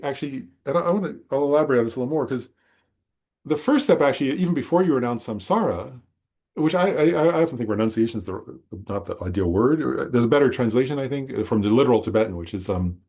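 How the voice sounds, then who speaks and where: A man teaching a Buddhist class in a relaxed, conversational way, often checking in with his listeners and correcting himself as he goes. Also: mid-range voice, breathy edge. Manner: conversational, self-correcting, frequent "right?". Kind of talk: informal dharma talk. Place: meditation center class.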